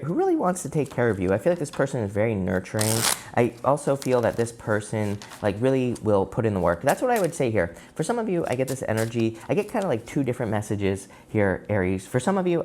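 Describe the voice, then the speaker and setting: Man, tarot reader, casual chat to camera, mid-pitched voice, loose and filler-heavy, sudden upward pitch jumps. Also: big pitch swings, fast talker, warm tone, slight background noise.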